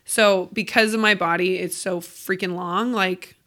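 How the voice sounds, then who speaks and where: Bright joking young woman co-host. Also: fairly low pitch, fairly even intonation, measured pace. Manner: joking, blunt, playful. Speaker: podcast co-host. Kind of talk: casual chat.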